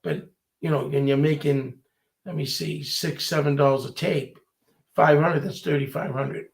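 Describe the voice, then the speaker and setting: A man, talking in a casual chat. His voice sits a little high and has a gravelly edge. He tells stories animatedly and acts out the voices of the people in them. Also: fairly even intonation, normal speed. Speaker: storyteller.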